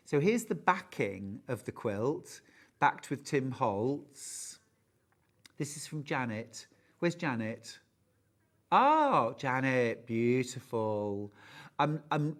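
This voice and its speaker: A man's voice: mid-range voice, fairly bright tone. A man presents fabrics on a live studio shopping broadcast. He gushes with enthusiasm, and his voice swings widely up and down as he chats. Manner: enthusiastic, chatty, gushing over fabrics. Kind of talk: live sewing shop presentation. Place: television studio.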